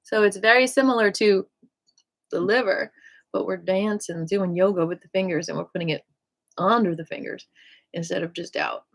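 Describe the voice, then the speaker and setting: A woman leading a casual qi gong class in a playful, joking way, with soft whispered cues for breathing. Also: medium pitch, normal speed, vocal fry. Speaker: qi gong instructor.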